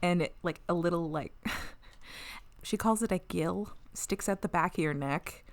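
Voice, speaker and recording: Woman podcast host, casual recap, slightly low voice, laughs a lot. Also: measured pace. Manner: chatty, laughs often, many fillers.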